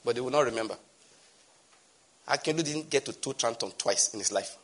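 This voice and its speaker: A middle-aged man preaching a sermon as pastor, animated, swinging from loud exclamations to soft asides. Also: mid-range voice, a little fast.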